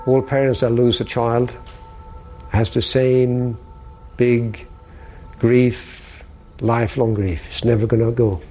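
A bereaved father speaking slowly and haltingly about grief in an interview. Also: mid-range voice, flat delivery, warm tone, highs cut off, faint music behind. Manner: slow, grieving, halting.

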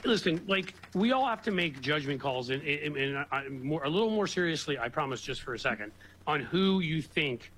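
A man's voice: fairly high pitch, animated, moderate pace, fairly bright tone, slight background noise, low-quality recording. A man talking as a guest on a radio show, sarcastic, stumbling and restarting as he rambles on. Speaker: guest commentator. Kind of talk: casual political talk radio chat.

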